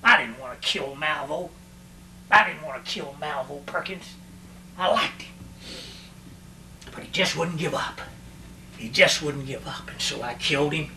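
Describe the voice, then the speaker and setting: High-voiced animated man telling a western yarn with lots of repeats, bright tone, echoey distant mic with hum. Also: a little slow, long pauses. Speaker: storyteller. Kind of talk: first-person western tale.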